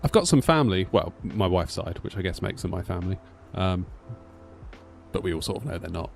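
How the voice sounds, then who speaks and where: A man's voice: sits low, fairly quick, gravelly, soft background music. A man in his thirties with a British accent, telling stories in a casual live-stream chat and acting out the voices in them. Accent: British English. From United Kingdom. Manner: rambling storyteller, animated, acts out quotes. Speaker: flight sim streamer.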